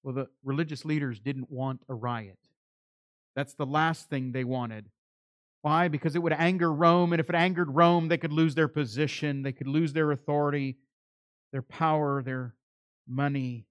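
A man delivering a sermon with a dramatic swing, voicing quoted speakers as he goes. His voice sits fairly high for a man. It sounds close and dry, with no room around it. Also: steady tone, moderate pace, no echo. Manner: dramatic preaching, acting out quoted voices, rising and dropping loudness. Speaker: pastor.

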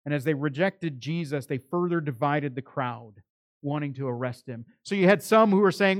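A man preaching a sermon, acting out the voices of the people he quotes, with his loudness rising and falling for emphasis. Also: fairly high pitch, a little fast, no room sound, clean studio sound. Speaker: pastor.

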